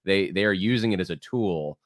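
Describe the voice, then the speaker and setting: A man's voice: sits low, brisk, no room sound, clean studio sound. A man hosting a podcast, talking loosely and reading out listener comments to his guest. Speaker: podcast host. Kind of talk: casual interview talk.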